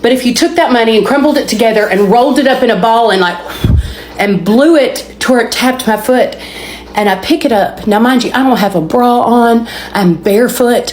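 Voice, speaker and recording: A woman's voice: a little high, a little mellow, a little hiss or hum. A woman with a Southern American accent telling an emotional personal testimony, stumbling and restarting words as she goes. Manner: storytelling, repeats and restarts words, dramatic pauses. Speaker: speaker sharing a testimony. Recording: roomy echoey recording.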